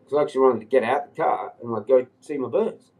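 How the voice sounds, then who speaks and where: A man's voice: medium pitch, quick pace, a little mellow, poor audio. A man on a livestream telling a long rambling story, agitated and swearing often. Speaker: live streamer.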